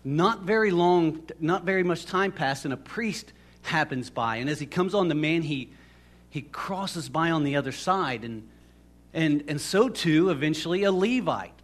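A man's voice: on the high side, animated, unhurried. A man preaching a casual, storytelling sermon, rambling and conversational with many restarts. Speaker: pastor.

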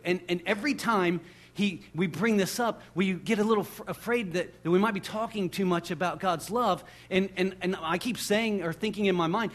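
A male pastor preaching a sermon, reading scripture and swinging between loud emphatic peaks and hushed, intimate asides. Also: sits high. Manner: reads scripture aloud with deliberate slowing on key words.

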